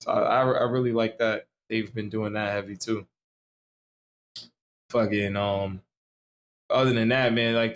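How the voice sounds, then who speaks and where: A tipsy young man from Staten Island, co-hosting a podcast in loose, rambling casual chat full of slang and swearing. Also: mid-range voice. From Staten Island, New York. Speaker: podcast co-host.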